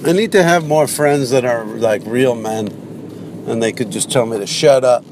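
A man's voice: medium pitch, normal speed, a little mellow. A man hosting a solo podcast from his car, rambling in a sarcastic, self-mocking rant. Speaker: podcast host. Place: in a car while driving. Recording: car with road noise behind.

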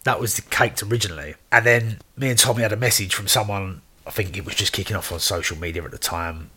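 A man chatting casually about his DJ and promoting days, relaxed and full of "yeah, mate". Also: lowish voice, quick pace, a little hiss or hum. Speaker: DJ and promoter, guest. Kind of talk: casual chat.

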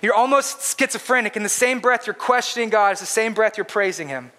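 A man's voice: sits high, brisk, pushed and bright. A man preaching a sermon in an earnest, emphatic way, repeating his points for stress. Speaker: pastor.

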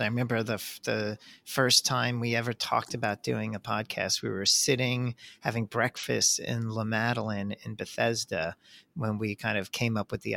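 Male podcast co-host, gravelly and bright-toned, animated delivery with restarts. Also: lowish voice. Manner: animated, many restarts, lively emphasis. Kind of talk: casual conversational podcast.

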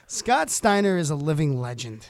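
A man's voice: a little high, big pitch swings, normal speed, dry recording. A man hosting a casual radio talk show, joking and laughing, then hyping the sign-off like an announcer, with music playing underneath. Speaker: host.

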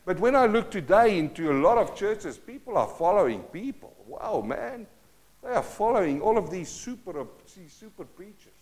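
A man in his fifties with a South African accent, preaching a sermon with passion, swinging between loud declarations and hushed asides. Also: sits high, very animated, normal speed. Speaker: pastor.

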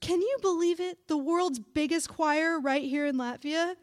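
A woman's voice: high voice, measured pace, pitched above the performer's own voice. Woman doing a nagging old grandmother, raised voice, emphatic broken english, read-aloud story. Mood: insistent. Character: elderly immigrant grandmother, nagging and dramatic.

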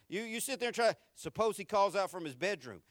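A man preaching a sermon as pastor in an animated, conversational way, with slang, humor and repeated words as he starts sentences. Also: high-pitched, fairly quick, no echo.

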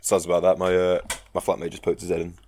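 A man's voice: sits low, monotone, quick pace, warm tone, slight background noise. A young man, co-hosting a podcast in casual chat, laughing often and swearing freely. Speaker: podcast co-host.

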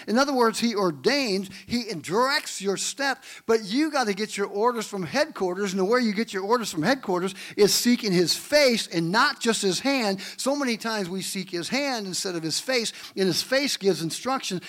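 A male pastor preaching a sermon, telling stories and asking the congregation questions. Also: sits high. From Great Lakes region of the US. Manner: animated storytelling preacher, asks the congregation questions. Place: church.

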